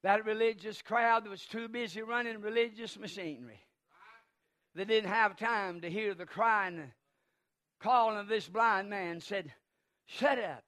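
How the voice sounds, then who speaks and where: A man preaching a sermon, impassioned and swelling into shouts. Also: sits high, moderate pace.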